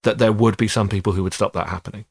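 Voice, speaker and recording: A middle-aged man, an actor and writer, talking about a film in a relaxed, wry podcast conversation. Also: fairly low pitch, very fast, gravelly, slightly rough, no room sound. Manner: thoughtful, wry, quotes film lines.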